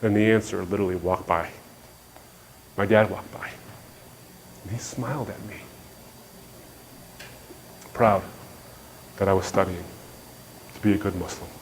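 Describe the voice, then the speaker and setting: A middle-aged man giving a personal testimony as a Christian speaker, telling his story in an animated way and acting out the dialogue. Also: low voice, a little slow, long pauses, slight background noise.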